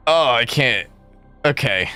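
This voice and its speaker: A man's voice: medium pitch, expressive, slow pace, pushed and bright, clean tone, soft background music. A young man streaming a game, chatting casually with viewers in a rambling, profane way that keeps breaking into laughter. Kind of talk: casual livestream chat.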